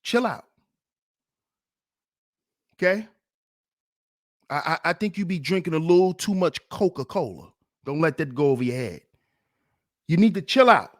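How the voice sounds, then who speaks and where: Slow, lively-pitched man scolding mockingly. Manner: mocking, scolding, repeats taunts. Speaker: channel host commentator. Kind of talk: livestream commentary rant.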